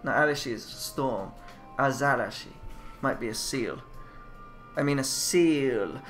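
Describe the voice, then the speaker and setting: Soft game music runs behind a young let's player, a native English speaker, who translates a game's Japanese text while he plays. Speaking at normal speed with a middling pitch, he thinks out loud, drifts off mid-sentence and doubts his own guesses.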